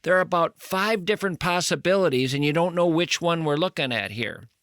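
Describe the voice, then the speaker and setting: A male podcast host, measured and reflective, retelling a guest's story. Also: a little high, animated, fairly bright tone, no echo, studio quality. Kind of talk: interview commentary.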